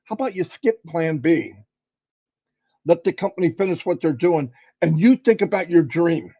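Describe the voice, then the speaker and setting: High-voiced man giving a pep talk. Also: normal speed, breathy edge, dull audio. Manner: animated, preachy, folksy pep talk. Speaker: livestream host. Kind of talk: motivational livestream talk.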